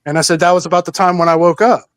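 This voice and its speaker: High-voiced man telling a story casually. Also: rapid-fire. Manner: relaxed, animated storyteller who acts out dialogue with "he's like" and "I'm like".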